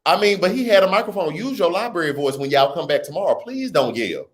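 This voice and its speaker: A man's voice: sits high, expressive, quick pace. A man hosting a casual livestream, reading viewer comments aloud and riffing on them with laughter and slang. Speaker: livestream host.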